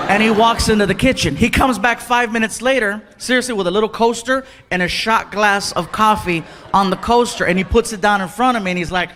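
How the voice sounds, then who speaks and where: A man doing stand-up storytelling on stage, animated, acting out voices and yelling punchlines into a handheld mic. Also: high voice, fast talker. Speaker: stand-up comedian. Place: theater stage. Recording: live show with loud crowd and noise.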